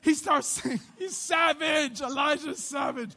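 A man pastor preaching a sermon, swinging between loud animated bursts and hushed quiet passages. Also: extremely high pitch, unhurried.

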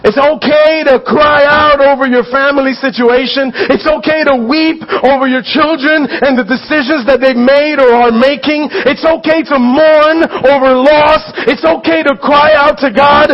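A man preaching a sermon as pastor, earnest and conversational, often checking in with his listeners, repeating and restarting phrases as he builds to loud pleas. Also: very high voice, steady tone, moderate pace, hardly any pauses, dull audio.

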